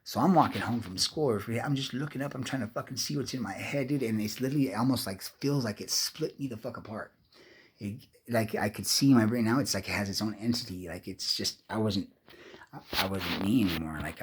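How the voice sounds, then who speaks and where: Man, fifties, lowish voice; loose, profane, meandering monologue full of restarts. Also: brisk, breathy edge. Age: 50s. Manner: profane, meandering, restless storytelling. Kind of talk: rambling personal monologue.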